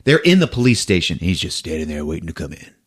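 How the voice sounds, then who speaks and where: A man hosting a casual podcast, recapping a film with a lively, animated storytelling manner. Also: low-pitched, fast talker, slightly rough. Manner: animated storyteller, laughing, acts out scenes. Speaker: podcast host. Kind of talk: casual movie recap chat.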